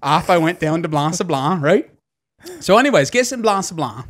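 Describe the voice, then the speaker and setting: A young man with a broad Newfoundland and Labrador accent spins a yarn in casual podcast chat. His voice sits a touch high, and he keeps breaking into laughs as he swears his way through the story. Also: lively intonation, moderate pace. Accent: Newfoundland and Labrador English. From Labrador, Canada. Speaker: podcast co-host.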